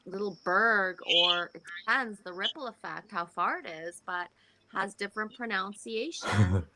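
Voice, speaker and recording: A woman's voice: medium pitch, big pitch swings, normal speed, pushed and bright, slight background noise, rough recording. A woman from Canada speaks in an average mid-range voice. She talks loosely, sprinkling "like" through her sentences. It is easygoing group voice chat. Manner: casual, full of "like".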